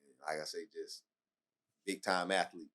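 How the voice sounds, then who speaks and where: Deep-voiced man asking rambling questions. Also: fairly even intonation, bright, forceful tone. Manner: rambling, halting questions with many fillers. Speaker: podcast host. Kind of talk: casual interview talk.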